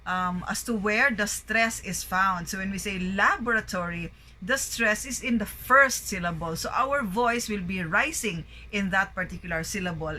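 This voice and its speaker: Slow, bright-voiced Filipino woman teacher. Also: medium pitch, rough recording. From Philippines. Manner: slow, deliberate word drilling. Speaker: English teacher. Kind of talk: pronunciation lesson.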